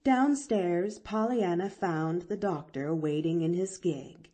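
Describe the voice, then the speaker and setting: A woman narrating a classic story in a measured, expressive way for language learners. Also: fairly low pitch. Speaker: audiobook narrator.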